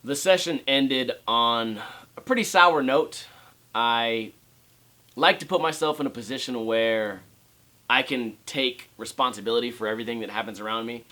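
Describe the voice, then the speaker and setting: A man's voice: mid-range voice, moderate pace, sharp tone, a little hiss or hum. A young man vlogging about skateboarding at home, ranting sarcastically and swearing, and he often mocks other people's voices. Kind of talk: casual ranting vlog.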